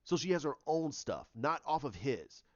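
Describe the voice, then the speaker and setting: A man giving a ranting commentary, animated and repetitive, often restarting his sentences. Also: a little high, normal speed, no echo, dull audio. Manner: animated, repeats himself, many restarts.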